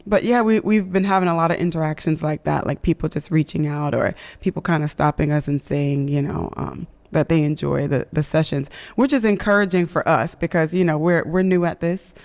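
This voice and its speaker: A woman's voice: deep voice, a little fast, few pauses, a little mellow. Chatty woman co-hosting, says y'all. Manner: chatty, laughs easily, uses "y'all". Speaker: podcast co-host. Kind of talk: casual podcast chat.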